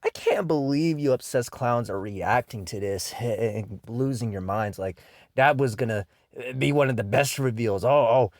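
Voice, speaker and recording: A man's voice: mid-range voice, unhurried, no room sound, clean studio sound. A man giving an angry, profane rant about video games, full of exasperated "you know" and "man". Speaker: video game commentator. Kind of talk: angry ranting commentary.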